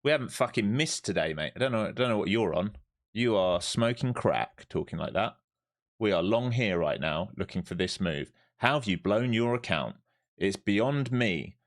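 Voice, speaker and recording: A lowish-voiced man running a live trading stream. He talks in a brash, sweary way and taunts his chat, then switches to urgent cheering at the chart. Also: expressive, normal speed. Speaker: live-streaming day trader.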